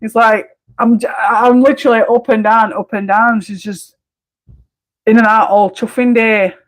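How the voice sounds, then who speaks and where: A woman from Barnsley with a Barnsley Yorkshire accent, chatting casually on a colouring live stream at home, blunt and quick to laugh, with mild swearing. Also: a little high, steady tone, low-quality recording. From Barnsley, England. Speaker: colouring livestreamer.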